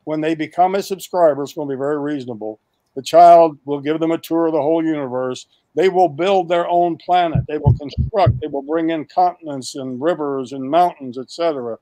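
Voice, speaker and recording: An older man speaking as a guest on a video call, pitching his educational project with animated, emphatic lists and frequent restarts. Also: brisk, no echo.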